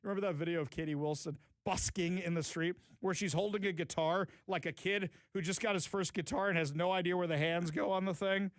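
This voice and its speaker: Man, talk show host, high lively voice, sarcastic, dry booth sound. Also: a little fast, few pauses, no echo. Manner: sarcastic, animated, mocking asides. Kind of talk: opinionated talk show commentary. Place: radio studio.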